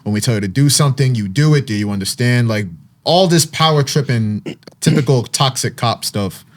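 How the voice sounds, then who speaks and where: A man hosting a casual sports talk show, retelling a news story with lively storytelling and frequent fillers. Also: mid-range voice, brisk. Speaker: podcast host.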